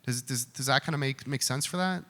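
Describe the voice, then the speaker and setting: Speaking fairly quickly in a mid-range, fairly bright voice, a man answers questions from the audience at a live event. His replies are frank and conversational, with frequent restarts, in a live Q&A setting. The event hall adds reverb, and faint room noise is audible.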